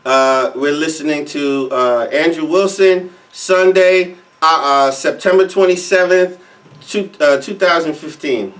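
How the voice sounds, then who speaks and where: A man's voice: a little high, measured pace, fairly bright tone, recorded from a distance. A man co-hosting a reaction show, commenting casually in a heated, emphatic way with frequent repetition.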